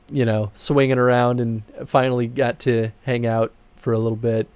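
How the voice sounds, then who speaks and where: A man casually chatting with viewers on his livestream while game credits roll. He laughs often and his voice jumps high when he gets excited. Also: normal speed, few pauses, no echo. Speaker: streamer and game producer.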